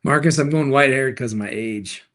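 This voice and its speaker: This middle-aged man runs a live stream and also works as a car dealer, fielding viewer questions in a cheerful, joking manner with quick answers to the chat. His voice is medium in pitch and a bit bright.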